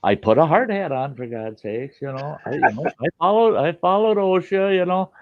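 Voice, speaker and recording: A man's voice: on the high side, animated, normal speed, phone-quality sound. A man hosting a podcast, telling a work story in casual chat, blunt and profane, acting out the people he quotes. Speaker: podcast host.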